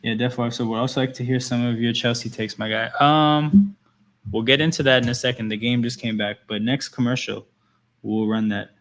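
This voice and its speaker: A man's voice: medium pitch, fairly even intonation, brisk, fairly bright tone. Chatty man hosting a livestream. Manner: loose, chatty, reads and answers chat. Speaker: livestream host. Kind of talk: casual livestream chat.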